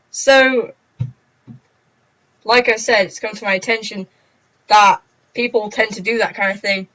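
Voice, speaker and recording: A woman's voice: medium pitch, fairly even intonation, normal speed, pauses often, fairly bright tone. A young woman chatting in a rambling, giggly, self-mocking way on a casual story-time vlog. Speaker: vlogger. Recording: dull lo-fi recording.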